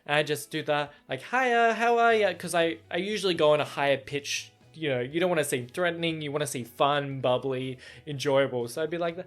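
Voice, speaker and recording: A young man with a somewhat feminine voice, hosting a solo podcast in animated casual chat. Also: a little fast, hardly any pauses. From Australia. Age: young adult. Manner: animated storytelling, frequent laughs, jumps into high-pitched acted quotes. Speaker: podcast host.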